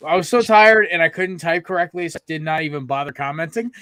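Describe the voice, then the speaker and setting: A young man hosting a casual sports podcast, talking in an excitable, rambling, profane way. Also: fairly high pitch, fast talker, clear, resonant tone, dry recording. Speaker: podcast host.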